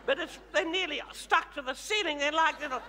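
A man's voice: extremely high pitch, brisk. A man playing a flamboyant older Australian woman, a self-styled glamorous megastar, teasing the audience with theatrical endearments in a live stage comedy show. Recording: live theatre with long reverb, loud crowd.

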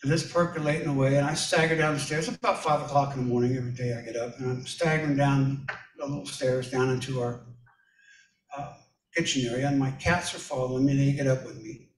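A man's voice: mid-range voice, steady tone, quick pace. A male pastor giving a conversational sermon, telling personal stories in a folksy way and speaking directly to his listeners. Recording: echoey room, distant from mic.

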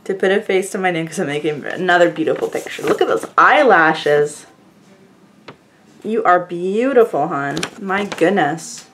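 Woman, casual vlog chat, gushing, swoops up and down, faint hiss. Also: medium pitch. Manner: gushing, effusive; chatty, rambling with fillers. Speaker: beauty vlogger opening fan mail.

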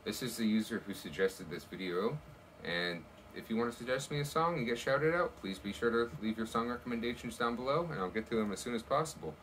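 A man's voice: medium pitch, quick pace, a bit bright, far from the mic, slight background noise, low-quality recording. A man hosting a music reaction video, chatting casually and thinking aloud, a little unsure of himself.

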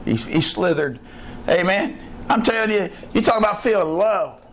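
High-voiced preaching man calling out "Amen". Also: expressive, moderate pace, fairly bright tone, a little hiss or hum. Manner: folksy preaching with frequent "Amen" call-outs; asks the congregation questions. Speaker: pastor. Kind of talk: evening church sermon. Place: church service with a responding congregation.

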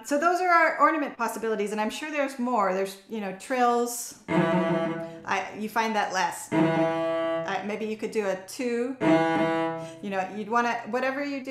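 A woman giving a cello masterclass, explaining in a relaxed way with many fillers and restarts. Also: mid-range voice. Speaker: cello teacher. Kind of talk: online masterclass. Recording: echoey room with cello playing.

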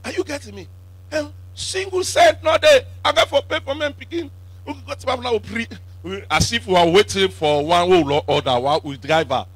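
Preacher man, high husky voice, call and response, shouty then muttering. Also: brisk, no echo. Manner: emphatic call-and-response preaching, swinging from shouts to low asides. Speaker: apostle preaching. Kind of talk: sermon.

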